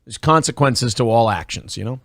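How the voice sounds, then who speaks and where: A man's voice: mid-range voice, brisk, fairly bright tone, no echo, studio quality. A man hosting a morning talk show, chatting casually in a blunt, profane way. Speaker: host. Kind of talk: casual chat.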